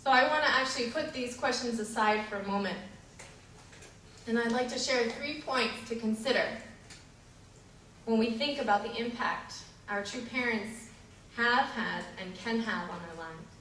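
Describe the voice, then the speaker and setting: A woman's voice: on the high side, normal speed, sharp tone, a little hiss or hum. A woman giving a sermon and telling a story, in an earnest way with some fillers and restarts. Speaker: preacher. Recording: echoey hall, distant mic.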